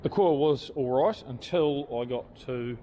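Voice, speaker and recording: A man with a croaky voice from a cold, talking plainly and methodically through car repairs in a casual workshop vlog. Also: mid-range voice, a little slow, dark tone, a little hiss or hum. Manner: plain, methodical technical talk with fillers. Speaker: mechanic and channel host.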